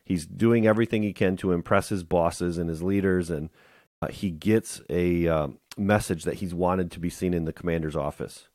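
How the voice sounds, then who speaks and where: A man's voice: low voice, fairly even intonation, moderate pace, darkish tone, no echo, clean studio sound. A man hosting a leadership podcast, retelling and reading from a book in an earnest, enthusiastic way. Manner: earnest and enthusiastic, with some restarts. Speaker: podcast host.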